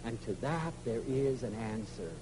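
A man giving an inspirational public lecture, emphatic and animated, acting out little dialogues as he speaks. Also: medium pitch, normal speed, a little hiss or hum, poor audio. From United States.

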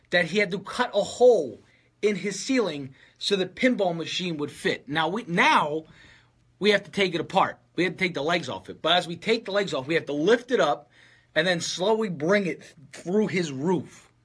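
Husky, bright-voiced man telling a story. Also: sits high, unhurried. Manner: animated, acts out friends' lines. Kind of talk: casual storytelling.

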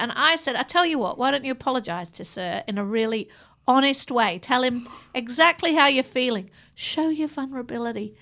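Australian woman, middle-aged, bright voice, fairly high, chatty storyteller. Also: brisk. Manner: chatty storyteller, laughs often. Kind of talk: casual chat.

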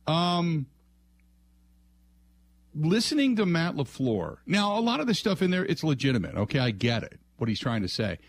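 A man's voice: on the high side, big pitch swings. A man hosting a sports call-in radio show, thinking aloud with frequent restarts and trailing phrases. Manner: musing, halting, many restarts.

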